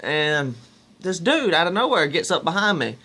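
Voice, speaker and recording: A young man with a drawl tells stories to his camera. His voice sits a little high for a man. He rambles, restarts his sentences and keeps calling out to his viewers as "y'all". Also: very animated, moderate pace, pushed and bright. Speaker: vlogger. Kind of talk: casual storytelling to camera.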